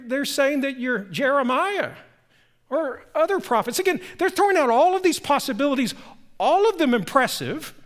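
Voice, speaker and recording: Lively high-voiced male pastor preaching. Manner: animated storytelling, shifting from loud emphasis to hushed tones. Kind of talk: sermon.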